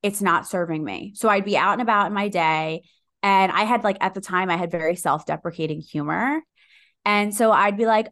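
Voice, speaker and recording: A woman guest on a podcast, telling her story in a casual, animated way, swearing freely and acting out her own inner voice. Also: medium pitch, normal speed.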